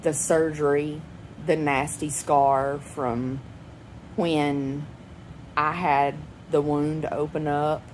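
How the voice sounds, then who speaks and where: A woman's voice: low-pitched, level tone, slow pace, slight background noise, poor audio. A woman, rambling chattily and laughing often in a personal home vlog. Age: 40s. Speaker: vlogger. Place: at home indoors.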